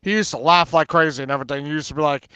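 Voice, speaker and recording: A man's voice: fairly high pitch, fairly even intonation, rapid-fire, pushed and bright, clear, resonant tone, no room sound, lo-fi sound. A man on an open talk panel, telling a school story in casual chat, rambling and full of fillers. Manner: rambling, filler-heavy storytelling, lots of "and everything".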